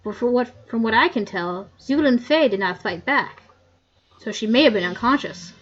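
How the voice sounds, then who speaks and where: A woman's voice: on the high side, lively intonation, normal speed, highs cut off. A woman playing a grumpy old coroner man. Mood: grumbling.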